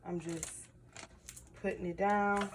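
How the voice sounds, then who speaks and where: Slow, chatty woman crafting at home. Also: medium pitch, steady tone, a little hiss or hum, low-quality recording. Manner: chatty, talks to viewers as "y'all", emotional reactions. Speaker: crafting vlogger. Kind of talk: casual crafting commentary.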